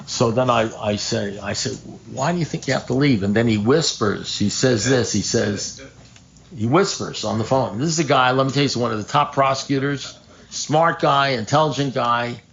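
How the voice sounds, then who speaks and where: An older man speaking at a recovery meeting, telling a story in an animated way, acting out phone calls, swearing and laughing at his own punchlines. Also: mid-range voice, normal speed, highs cut off, slight background noise. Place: meeting room.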